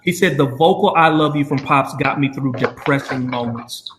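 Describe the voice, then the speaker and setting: A man's voice: mid-range voice, moderate pace, roomy sound, noisy background. A man hosting a live video chat, talking earnestly and rambling with many fillers. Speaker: show host.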